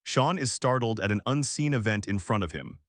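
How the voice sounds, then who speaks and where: A man narrating a comic story recap in an even, read-aloud manner, reading the characters' lines in his own voice. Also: lowish voice, brisk, dry recording, studio quality.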